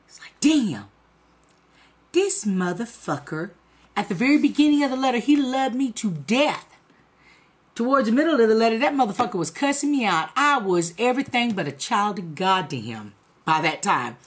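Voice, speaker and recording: A middle-aged woman vlogger telling a personal story to the camera in a blunt, profane, animated way. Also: fairly high pitch, normal speed.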